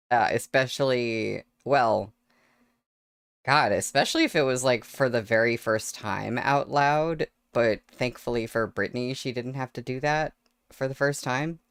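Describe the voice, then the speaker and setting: Woman, casual stream chat, frequent laughter, unhurried pace, close dry mic. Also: very deep voice, smooth, no echo. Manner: chatty, laughs often between words. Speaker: streamer reading novels aloud. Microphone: desk microphone.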